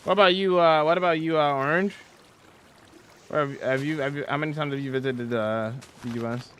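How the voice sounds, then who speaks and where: Guy on a livestream chatting w/ viewers, hums while building, kinda high bright voice. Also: a little fast, a little hiss or hum. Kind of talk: casual livestream chat.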